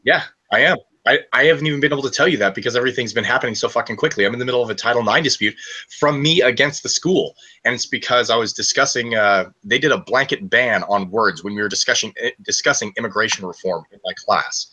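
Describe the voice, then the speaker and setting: Husky young man ranting fast. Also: mid-range voice, sharp tone, poor audio. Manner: fast, profane, ranting storytelling. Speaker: student on a live stream. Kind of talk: casual live-stream chat.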